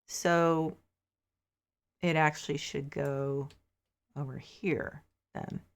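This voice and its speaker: A woman's voice: deep voice, fairly even intonation, extremely slow, smooth. A woman casually chatting to her viewers while playing a game, thinking aloud with mild frustrated asides, a little sleepy. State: sleepy, yawning. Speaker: game streamer. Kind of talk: casual gameplay commentary.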